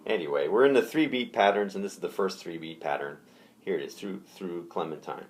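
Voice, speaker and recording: A man teaching ukulele patterns in a relaxed, hesitant way, counting the beats aloud. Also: deep voice, brisk. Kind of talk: casual music lesson. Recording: ukulele music under the voice. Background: ukulele playing.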